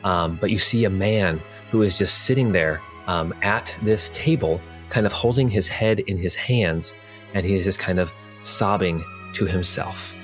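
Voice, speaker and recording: Guy running a tabletop game, lowish voice, lots of ums, faint music under. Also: a little slow. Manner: rambling, with many fillers. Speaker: game master.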